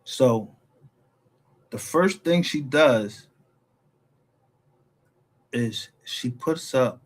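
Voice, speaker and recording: A man in the middle of a heated commentary rant, swearing freely and rambling from one grievance to the next. His sentences often break off and restart as he pushes his point. His voice sits at an ordinary male pitch. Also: expressive, very slow. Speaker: YouTube commentator.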